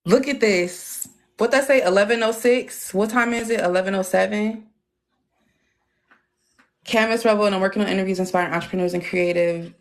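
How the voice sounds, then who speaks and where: A woman hosting a casual live chat, excitable and slangy, laughing often as she talks. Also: medium pitch, fairly quick. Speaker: livestream host.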